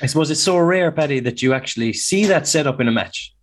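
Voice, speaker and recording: A man hosting a podcast and briskly leading the questions. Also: a little high, expressive, slight background noise. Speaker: host. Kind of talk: casual podcast chat.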